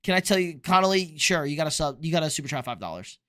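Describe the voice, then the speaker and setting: Young guy, sports streamer, sharp high voice, loose and profane, a few beers in. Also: sing-song, fast. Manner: loose, profane, reads chat questions aloud. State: drinking beer. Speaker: sports streamer answering chat. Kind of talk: casual live-stream chat.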